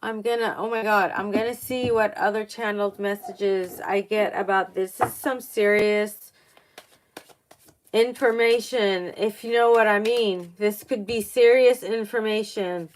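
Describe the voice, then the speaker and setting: Slow-talking excitable tarot reader woman. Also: mid-range voice. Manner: halting and excitable, many gasps and "oh my God"; restarts sentences, thinks aloud. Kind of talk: live-streamed tarot reading, chatting with viewers.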